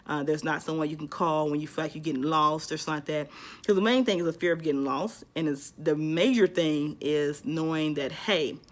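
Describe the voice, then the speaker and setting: A woman's voice: low voice, brisk. A woman talking casually to her vlog audience, giving advice in a rambling way with lots of ums and restarts. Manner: rambling, many fillers and restarts. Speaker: vlogger.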